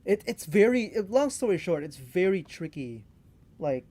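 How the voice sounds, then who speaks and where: A man's voice: high-pitched, very animated, moderate pace, dark tone. A young man co-hosting a podcast, talking casually and hesitantly, with many fillers. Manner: loose and hesitant, lots of "like" and "you know". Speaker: podcast co-host. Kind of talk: casual chat.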